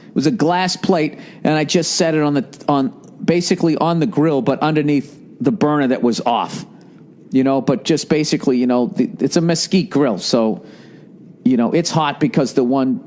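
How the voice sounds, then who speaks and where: A man's voice: mid-range voice, darkish tone. A man and podcast host telling a comic story in a profane, rambling way, full of asides. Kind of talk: comedic storytelling.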